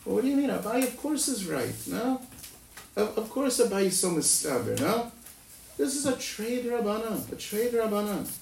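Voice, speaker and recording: This Talmud teacher lectures with animation at a moderate pace in a gravelly voice, posing rhetorical questions that often end in "no?". His sing-song delivery jumps abruptly in pitch. He's captured from afar in an echoey room, with faint background noise.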